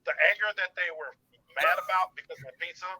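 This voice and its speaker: A man chatting casually as a radio show guest, an animated storyteller who acts out voices. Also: high-pitched, fast, slightly rough, low-quality recording. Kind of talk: casual chat.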